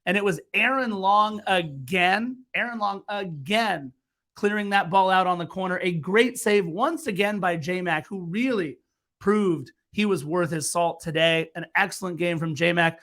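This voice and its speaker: Male fan-podcast co-host, high and bright, excitable recap delivery. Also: unhurried. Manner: excitable play-by-play recap, teasing.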